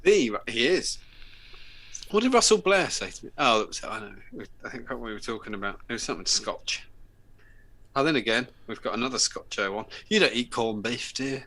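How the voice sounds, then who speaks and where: A man's voice: mid-range voice, animated, a little fast, pushed and bright, rough recording. A man with a British accent hosting a show, chatting casually and joking with a laugh. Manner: jokey, laughing banter. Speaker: host. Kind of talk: casual chat.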